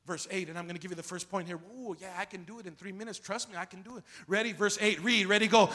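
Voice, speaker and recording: High, bright-voiced pastor preaching in a hall. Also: male voice, fast, few pauses. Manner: energetic call-and-response preaching, swings from shouting to quiet. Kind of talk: sermon. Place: church sanctuary. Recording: long reverb of a big hall.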